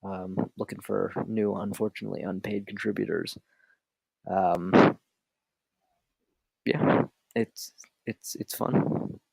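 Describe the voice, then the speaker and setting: A man's voice: on the low side, little pitch movement, slow pace, gravelly, pauses often, a little mellow, slightly rough, no room sound, rough recording. A young man co-hosting a casual podcast, wry and a little tired. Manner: dry, wry, tired and yawning. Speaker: podcast co-host.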